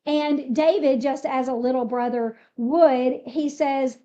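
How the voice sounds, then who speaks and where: A woman with a high, warm voice retells a Bible story in a casual, conversational way. She explains as she goes and uses plenty of fillers. The recording sounds a little muffled. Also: fairly even intonation, takes it slowly, hardly any pauses. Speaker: Bible teacher.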